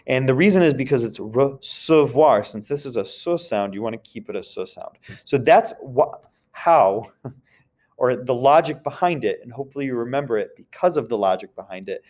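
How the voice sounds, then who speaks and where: A man's voice: medium pitch, a little mellow. A man teaching a recorded French grammar lesson, explaining step by step and checking in with his students often.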